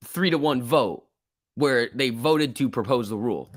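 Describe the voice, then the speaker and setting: A man at a middle pitch hosts a casual stock-market livestream, reading viewer chat and ranting bluntly with plenty of filler words. His voice sounds dry and close, with no room echo. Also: lively intonation, moderate pace, fairly bright tone.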